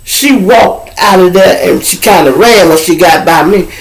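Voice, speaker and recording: A man's voice: sits high, moderate pace, vocal fry. A man hosting a live show, telling a story casually to viewers and acting out every voice in the exchange. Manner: animated, acts out voices in dialogue, heavy profanity. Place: at home with a lamp nearby.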